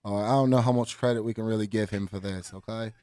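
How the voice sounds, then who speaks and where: A man's voice: lowish voice, steady tone, fast, dark tone, no echo, close to an everyday voice. A man putting on a pompous mock sports interviewer. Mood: indignant. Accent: put-on accent. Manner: mock-formal, indignant when teased. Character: mock self-important male sports interviewer. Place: studio.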